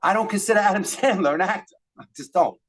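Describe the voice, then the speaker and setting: A man's voice: high voice, fast talker, fairly bright tone. A man co-hosting a casual podcast, arguing his points with laughs. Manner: argumentative, laughing. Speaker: podcast co-host. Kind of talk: casual chat.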